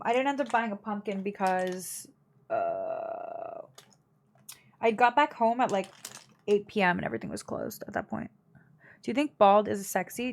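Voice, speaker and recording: Young woman streamer, casual and blunt, gossipy family storytelling for her live chat, full of fillers. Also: medium pitch.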